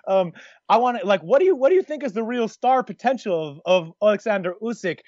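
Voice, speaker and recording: A man's voice: high voice, animated, fast, darkish tone, dry recording, muffled recording. A man co-hosting a podcast, talking in a rambling, jokey way with lots of restarts. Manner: rambling, self-interrupting, jokey. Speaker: podcast co-host. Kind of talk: casual podcast chat.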